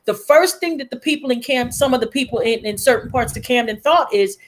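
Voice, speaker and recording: High-voiced woman telling a lively story. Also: fast talker, few pauses, poor audio. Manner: animated, acts out dialogue in different voices. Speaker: panel guest. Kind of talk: storytelling in a group conversation.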